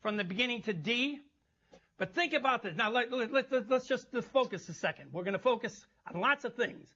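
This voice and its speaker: A man teaching a jazz masterclass, coaching a band and scatting rhythms in an animated way, on a muffled lo-fi recording. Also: very high-pitched, brisk, a little hiss or hum. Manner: animated, scats rhythms and chants phrases. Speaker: jazz instructor.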